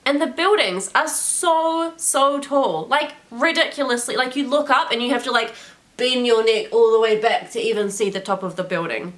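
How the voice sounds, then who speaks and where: Young kiwi woman rambling in a vlog, bright voice, pitched a bit high, keeps saying like and eh. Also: moderate pace. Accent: New Zealand. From New Zealand. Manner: chatty, animated, many "like"s and "eh"s. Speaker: travel vlogger. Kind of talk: casual vlog chat.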